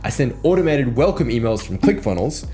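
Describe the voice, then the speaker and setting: A brash man hosting a casual explainer video, joking and swearing as he walks through an analogy. His pitch jumps around a lot as he tells the story. Faint guitar music plays behind him. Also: big pitch swings, fairly quick, dark tone. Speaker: copywriting coach, video host.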